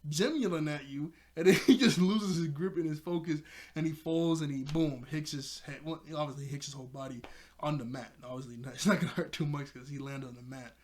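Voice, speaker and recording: Animated young man recapping a cartoon. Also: a little high, brisk. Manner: animated, acts out characters' lines, laughs often. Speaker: episode reviewer. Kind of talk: casual spoken episode recap.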